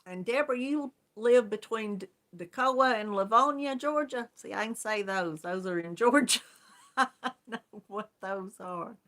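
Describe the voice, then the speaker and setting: A woman's voice: mid-range voice, a little slow, a bit bright. A woman hosting a casual live-stream chat, greeting viewers one by one and laughing often. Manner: chatty, friendly, laughs often. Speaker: yarn crafts channel host.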